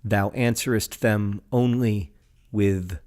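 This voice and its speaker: A man co-hosting a podcast, reading poems in a slow, measured way and chatting in quick asides with plenty of fillers. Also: on the low side, steady tone, a little mellow. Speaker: podcast co-host. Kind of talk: reading poems aloud and casual chat.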